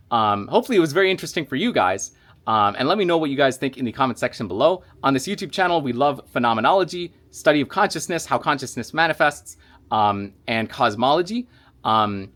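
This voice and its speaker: Man with a lively, rambling delivery. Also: medium pitch. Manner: rambling, many fillers and restarts. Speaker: YouTube channel host. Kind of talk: casual explanatory monologue.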